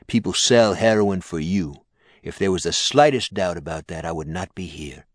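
A man voicing a stern, blunt male official who makes threats in an audiobook, in his own low dry voice. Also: normal speed, no echo. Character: stern hard-nosed male mayor.

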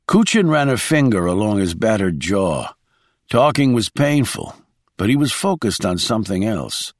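Man reading an audiobook, calm, pitch moves a lot, dry close mic. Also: normal speed, no echo. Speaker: narrator. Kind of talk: audiobook narration.

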